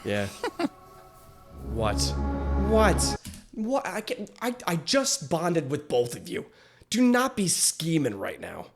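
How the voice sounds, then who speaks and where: A man giving casual reaction commentary on an animated show, rambling, swearing freely and asking many questions. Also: fairly high pitch, takes it slowly, creaky, pauses often, faint music behind. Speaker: reaction video host.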